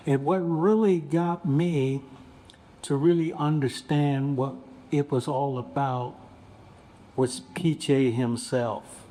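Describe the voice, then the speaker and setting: A man in his seventies, a bishop on a panel, telling a story in an unhurried, reflective way. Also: a little high, dark tone. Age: 70s. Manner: unhurried, reflective, acts out quoted voices.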